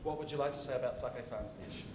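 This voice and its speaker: A man's voice: mid-range voice, fast, noisy background. A man hosting a live event, teasing and bantering with guests and audience. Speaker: event host. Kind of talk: emceeing a live audience show. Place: event function room. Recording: echoey event hall.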